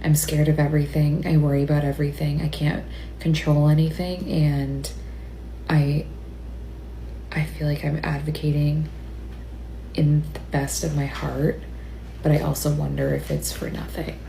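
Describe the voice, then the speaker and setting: Woman, deep gravelly flat voice, tearful confessional, echoey room. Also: slight background noise. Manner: halting, tearful, often dropping to a whisper. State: upset and near tears. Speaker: mother sharing a personal story. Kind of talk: emotional confessional video.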